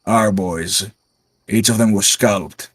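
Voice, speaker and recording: A man voicing a grizzled male sergeant giving a clipped military radio report in a gruff voice. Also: lowish voice, takes it slowly, no room sound, voice pushed down. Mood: grim report. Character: grizzled male soldier, sergeant under fire.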